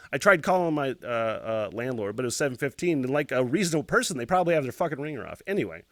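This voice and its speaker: Male podcast host telling a story. Swears a lot, with a bouncy, expressive delivery and a dry, close sound. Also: mid-range voice, very fast, few pauses, no echo. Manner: profane, expressive retelling with loud sound effects.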